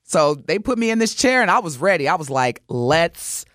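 A woman co-hosting a morning radio show, telling a story in lively chat and acting out the voices of the people in it. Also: lowish voice, moderate pace, no room sound, clean studio sound. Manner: animated, acts out voices while telling a story. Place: radio studio.

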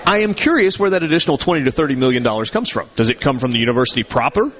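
A middle-aged man hosting a sports talk show, his voice sitting at a middle pitch. He chats casually at length and often stutters over the first words of a sentence as he restarts. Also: lively intonation, rapid-fire, fairly bright tone. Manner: talkative, repeats words when starting. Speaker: sports radio host.

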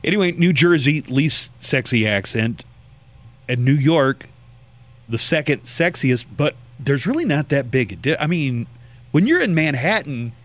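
A man's voice: mid-range voice, sing-song, measured pace, fairly bright tone, dry recording. A man hosting a call-in radio talk show, chatting casually and rambling through a list.

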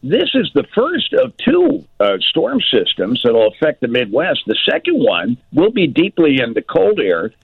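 A man's voice: fairly high pitch, wildly swooping pitch, normal speed, creaky, few pauses, slightly rough, dry recording. A man, a meteorologist guest, explaining the weather enthusiastically in casual chat over a phone line. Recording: dry tinny phone line.

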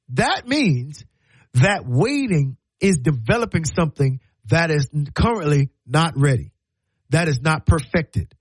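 Male radio talk host, emphatic sermon-like monologue, slightly husky tone, dry booth. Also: a little high, no room sound, rough recording. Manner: preachy, emphatic, repeats words, acts out quoted lines.

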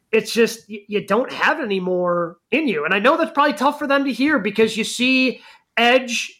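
A man's voice: high voice, sharp tone. A man co-hosting a wrestling podcast in casual chat, talking in a rambling way with lots of restarts. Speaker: podcast co-host.

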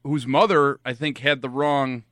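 A man's voice: medium pitch, fairly even intonation, a little slow, fairly bright tone, no room sound, clean studio sound. A man co-hosting a radio show, telling stories casually with a few restarts. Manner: conversational, storytelling with restarts. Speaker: radio co-host. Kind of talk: casual chat.

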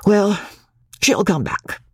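A man's voice: high voice, lively intonation, slow, darkish tone, slightly rough, no echo, voice pushed up, heavily acted. A man playing a simple, devoted husband, plainly spoken. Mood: wondering. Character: devoted, simple-hearted male actor husband.

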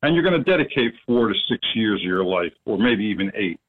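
A man calling in to a radio show, speaking earnestly and haltingly with plenty of fillers. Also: lowish voice, big pitch swings. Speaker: caller. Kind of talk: phone-in call. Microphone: telephone. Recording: phone line.

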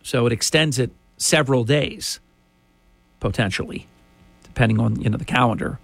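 A man's voice: medium pitch, normal speed, gravelly, dry recording. A man hosting a talk radio show, ranting emphatically and indignantly into a studio microphone.

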